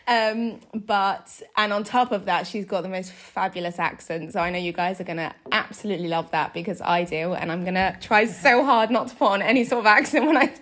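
A woman, hosting a podcast in a casual, bubbly way that is quick to laugh. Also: medium pitch, fairly bright tone. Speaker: podcast host. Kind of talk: casual chat.

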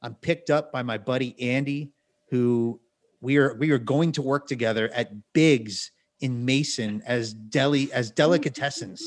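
A man telling a story on a podcast in an ordinary, mid-pitched voice. His delivery is loose and rambling, with plenty of restarts and asides. A wry, self-deprecating tone runs through it. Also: moderate pace. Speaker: podcast co-host. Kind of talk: casual storytelling.

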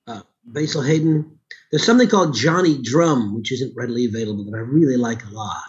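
A man's voice: mid-range voice, a little fast, dull audio. A middle-aged man from Chicago, a voice actor nursing a sore throat, chatting casually with many restarts and asides. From Chicago, USA. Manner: rambling, with frequent restarts. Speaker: voice actor and audiobook narrator. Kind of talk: casual conversation.

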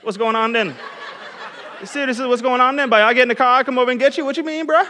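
A man's voice: very high voice, quick pace, pushed and bright, long reverb tail, a little hiss or hum. A man imitating a laid-back young male college buddy with a Bahamian accent, easygoing and calling everyone buddy. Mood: breezy, joking.

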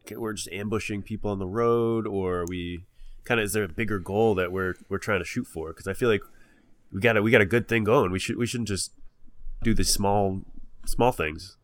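A man's voice: lowish voice, fairly quick, natural voice. A man playing an eager half-orc bandit, stammering and repeating himself.

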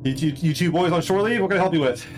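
A man's voice: a little high, rapid-fire, soft background music, pitched above the performer's own voice, close to an everyday voice. A man voicing an easygoing, chatty male tattoo shop owner with casual sales patter in a tabletop game.

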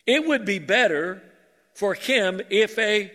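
Slowly and with plenty of humor, a male pastor delivers a sermon in a high, bright voice, drawing his listeners in. The large church hall leaves a lengthy echo behind every phrase.

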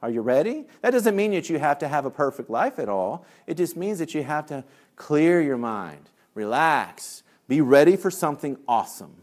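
A male discipline trainer giving a lively workshop talk, telling stories, acting out voices and laughing at his own jokes. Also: on the high side, moderate pace. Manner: lively storyteller who acts out voices.

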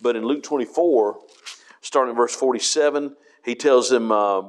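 A man's voice: mid-range voice, normal speed, slight background noise. A man, a pastor, teaching a Bible study in a conversational way, reading scripture aloud between casual fillers and asides.

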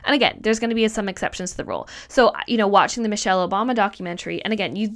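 A woman's voice: medium pitch, very fast. A woman hosting a solo podcast as a mindset coach, talking casually and emphatically, repeating points for stress and swearing now and then.

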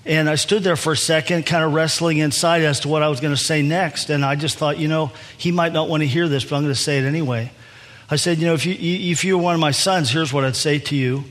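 A man's voice: on the high side, fairly even intonation, fast, fairly bright tone. A man in his sixties, a pastor telling a story in a sermon, often restarting and repeating words as he goes. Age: 60s. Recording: long hall reverb.

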